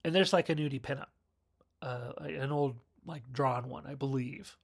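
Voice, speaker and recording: A man's voice: medium pitch, fairly even intonation, normal speed, creaky, husky. A man giving a casual film review, rambling, correcting himself and chuckling as he goes. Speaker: movie reviewer.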